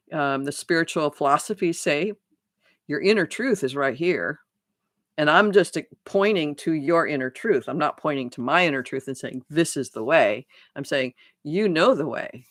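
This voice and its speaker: A woman's voice: deep voice, a bit bright, no room sound, studio quality. A middle-aged woman life coach giving an unscripted live talk to viewers, earnest and reflective, often restarting her sentences.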